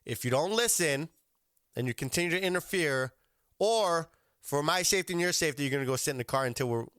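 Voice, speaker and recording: A man's voice: fairly high pitch, a bit bright, dry recording, clean studio sound. A man hosting a podcast, commenting bluntly and profanely on video clips with an authoritative manner. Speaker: podcast host.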